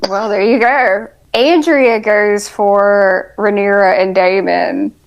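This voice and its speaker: A woman's voice: mid-range voice, steady tone, takes it slowly, poor audio. Sarcastic woman chatting about a TV show. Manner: dry, sarcastic asides. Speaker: podcast co-host. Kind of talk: casual TV review chat.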